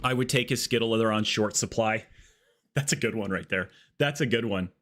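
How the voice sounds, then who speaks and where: A man's voice: fairly low pitch, normal speed, a little hiss or hum. A man streaming a game live, chatting casually and riffing jokes with his chat. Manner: jokey, riffing excitedly with chat.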